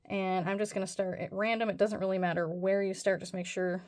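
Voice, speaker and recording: A woman's voice: mid-range voice, level tone, a little fast, a little mellow. A woman hosting a casual crochet tutorial, talking through each step in a rambling, self-deprecating way with plenty of fillers.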